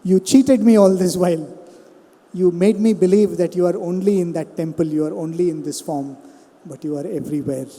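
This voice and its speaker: An earnest, pleading devoted saint, put on by a male speaker in a retold devotional story. The voice sits high and mellow, carried by a long hall reverb. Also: fairly even intonation, normal speed.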